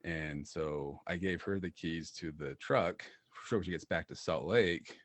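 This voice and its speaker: A man with a deep, low-pitched voice chats on a podcast. He tells animated stories and laughs often, and the sound is dry and close. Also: a little slow, no room sound. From Utah. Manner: animated storyteller, laughs often, many fillers. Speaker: podcast co-host. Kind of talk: casual chat, storytelling.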